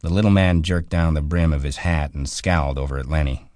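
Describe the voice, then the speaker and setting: A man reading a novel aloud as an audiobook narrator, calm and measured, on a close studio mic. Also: extremely low pitch, no room sound. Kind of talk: scripted narration.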